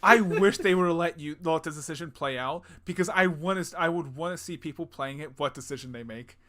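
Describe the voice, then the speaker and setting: A man's voice: on the high side, a little fast, fairly bright tone. A man co-hosting a gaming podcast in casual chat, rambling with lots of fillers and crude jokes. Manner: rambling, filler-heavy, crude jokey banter. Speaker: podcast co-host.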